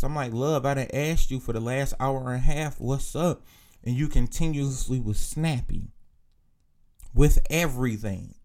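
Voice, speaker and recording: A man's voice: mid-range voice, animated, moderate pace. A young man casually telling a profane story, acting out both sides of an argument.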